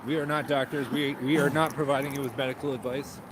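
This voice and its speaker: A man's voice: medium pitch, flat delivery, fast talker. A man co-hosting a walking livestream outdoors on a cold street, giving emphatic, indignant political commentary. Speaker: co-host. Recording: outdoor recording with clear traffic noise. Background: clear street and traffic noise.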